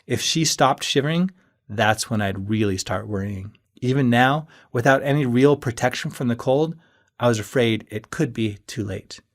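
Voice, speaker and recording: A man's voice: mid-range voice, normal speed. Man narrating a first-person audiobook.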